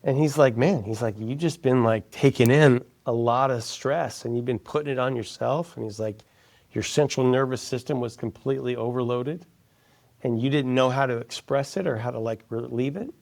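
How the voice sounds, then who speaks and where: A man with a gravelly, slightly rough voice telling a story in a relaxed interview. His pitch sits in the middle range. He talks with animation, and he goes soft and hushed when he quotes someone else. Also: normal speed. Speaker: guest.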